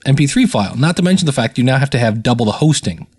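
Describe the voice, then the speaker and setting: A man's voice: mid-range voice, lively intonation, racing, a little mellow, husky. An American man hosting a podcast in a chatty, rambling, self-deprecating way. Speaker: podcast host. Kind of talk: casual solo podcast talk.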